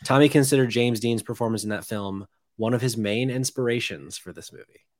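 A man's voice: medium pitch, a little fast, no echo, studio quality. A man in casual podcast chat, sharing film trivia with a few stumbling restarts.

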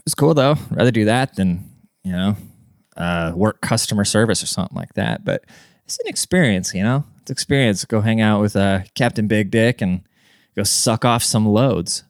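Young male podcast host, smooth dry voice, rambling cussing storyteller. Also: lowish voice, expressive, moderate pace, dry recording. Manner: rambling and profane, with frequent restarts and "dude". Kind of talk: casual storytelling monologue.

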